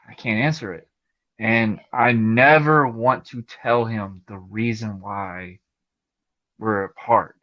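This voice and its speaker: Bright-voiced man hosting a podcast. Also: lowish voice, no echo, muffled recording. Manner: candid, emotional, rambling with fillers. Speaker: podcast host. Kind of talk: casual podcast conversation.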